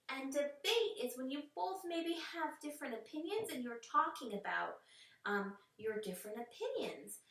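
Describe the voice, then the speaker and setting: A woman's voice: a little high, fairly bright tone. Patient teacher woman, roomy and distant. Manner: encouraging and patient, stretching out words. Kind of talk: online reading lesson for children. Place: home. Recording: roomy echo, voice away from the mic.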